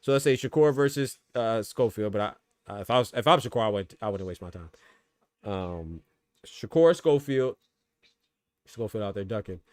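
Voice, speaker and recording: A man's voice: lowish voice, expressive, moderate pace, a little mellow, dry recording. A man hosting a boxing podcast, giving loose, slangy live fight commentary and talking to his chat.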